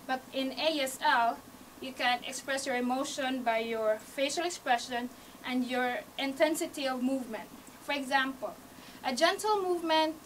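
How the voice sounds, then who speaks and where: A student with a high voice and a Hawaii accent teaches sign language basics to a small audience in a university media room, encouragingly guiding them through each step despite non-native phrasing and small grammar slips. A camcorder across the room picks her up from afar, leaving a faint hiss in the rough recording.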